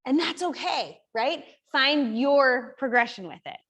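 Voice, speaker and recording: Woman physical therapist, high voice, upbeat chatty coaching in a studio class. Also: animated, a little slow, a bit bright, slightly rough. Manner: upbeat, chatty coaching cues with frequent "like" and "right?". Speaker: physical therapist leading a workshop. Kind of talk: live exercise coaching. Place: fitness studio group class.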